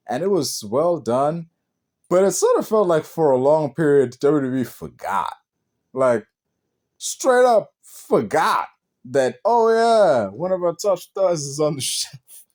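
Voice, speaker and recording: A man hosting a casual spoken wrestling review, animated and rambling, swearing casually as he talks. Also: a little high.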